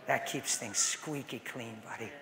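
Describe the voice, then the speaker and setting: Middle-aged preacher in an echoey hall. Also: male voice, medium pitch, unhurried. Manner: conversational, swings from hushed to loud. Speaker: conference speaker. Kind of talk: storytelling sermon. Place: large conference hall. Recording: echoey hall with long reverb.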